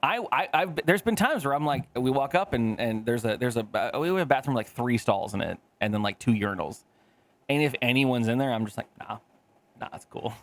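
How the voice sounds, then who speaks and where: A man's voice: mid-range voice, lively intonation, a little fast. A man in his thirties, co-hosting a casual podcast, telling rambling, profane stories with acted-out quotes. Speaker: podcast co-host.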